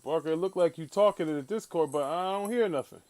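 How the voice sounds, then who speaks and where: A man hosting a casual livestream, talking in an animated way, swearing and calling out viewers in the chat. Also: on the high side, fast, clean tone. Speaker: livestream host.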